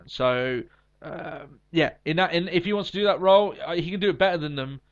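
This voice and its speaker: On a wrestling podcast, a co-host with a slightly high voice talks fairly quickly in casual wrestling chat. He's blunt and opinionated and swears freely, and the lo-fi recording sounds slightly dull.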